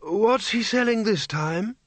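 A man voicing an elderly undead male wizard who speaks slowly, mildly and gently. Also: high-pitched, animated, no echo, pitched above the performer's own voice, full character voice. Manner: slow, gentle, mild.

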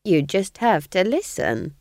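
A woman's voice: on the low side, sing-song, measured pace, a little mellow, no echo, studio quality. A woman voicing an earthy, bawdy old female witch who talks defensively and sneers, now and then shrieking.

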